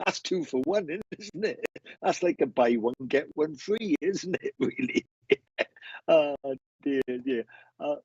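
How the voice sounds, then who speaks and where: A man giving a live mediumship reading, chatty and halting, often restarting sentences as he passes on messages. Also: mid-range voice, expressive, darkish tone, husky, no echo, dull audio. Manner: chatty, laughing, stumbling restarts, relays spirit messages.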